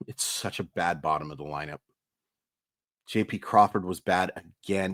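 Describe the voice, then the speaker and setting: A man talking through a baseball recap for his daily channel, tired and emphatic as he vents. His voice sits on the low side and the sound is dry and close, with no room around it. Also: normal speed, fairly bright tone, no echo. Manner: exasperated, emphatic venting. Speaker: sports YouTuber.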